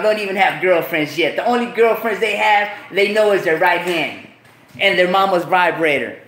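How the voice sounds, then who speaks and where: A man's voice: sits high, lively intonation, measured pace, a bit bright. Man, host, casual rant, profane street slang, repeats lines, echoey room. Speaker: show host.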